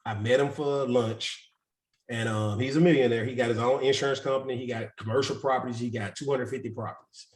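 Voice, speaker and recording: A man's voice: medium pitch, steady tone, brisk. A man who coaches real estate investing, telling candid stories with a loose, self-mocking manner and frequent laughter on a group video call. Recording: roomy echo.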